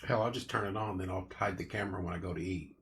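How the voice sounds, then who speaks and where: A man's voice: low-pitched, fast talker, fairly bright tone. A man hosting a casual livestream, chatting loosely and greeting viewers by name while he eats. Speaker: livestream host. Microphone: clip-on mic.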